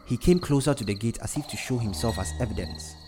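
A man narrating a story in a steady, even storytelling manner. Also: mid-range voice, fast talker, music in the background.

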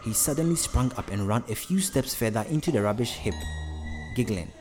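Man, storybook narration, steady, even reading, faint background music. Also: medium pitch, fast talker.

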